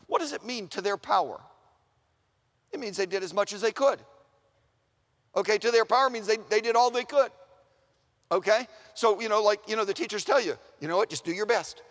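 A man preaching a sermon in an animated way, asking the room questions and acting out the voices he quotes. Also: high voice, normal speed, long pauses. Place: large chapel. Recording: long reverb of a large chapel.

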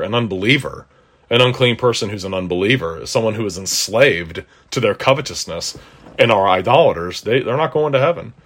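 A man's voice: medium pitch, a bit bright. Earnest conversational male preacher. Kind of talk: expository sermon.

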